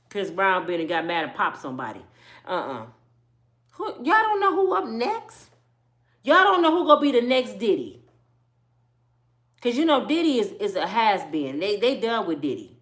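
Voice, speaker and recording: A woman ranting about celebrity gossip to her viewers, animated and profane, quizzing them with rhetorical questions. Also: mid-range voice. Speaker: vlogger.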